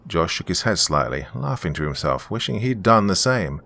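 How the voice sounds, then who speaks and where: A man narrating a scripted horror story in a steady storytelling manner. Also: low voice, normal speed, vocal fry, hardly any pauses.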